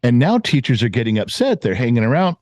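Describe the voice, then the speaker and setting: A man's voice: mid-range voice, sing-song, fast talker, a little mellow, no room sound, clean studio sound. A middle-aged man giving his opinions as a guest in casual chat, emphatic and prone to repeating words for stress. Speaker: guest commentator.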